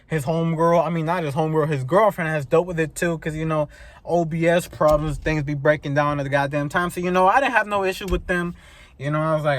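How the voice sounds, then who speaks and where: A young man vlogging from his truck in an animated, slangy rant, swearing often and mimicking the people he complains about. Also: a little high. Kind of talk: casual vlog chat.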